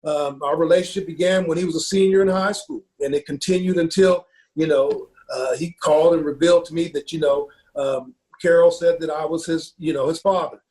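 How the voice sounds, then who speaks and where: A man with a fairly high voice tells a personal story in an earnest, unpolished way. He keeps circling back with little fillers and repeats his words as he goes. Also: steady tone, a little fast, darkish tone. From Ohio. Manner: earnest, repeats himself, many fillers like "you know". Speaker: football coach.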